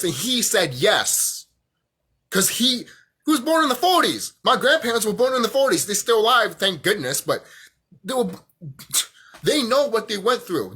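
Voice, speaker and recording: A man's voice: sits high, sharp tone, husky. A young man vlogging a heated, profane rant, often repeating himself. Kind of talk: angry rant monologue.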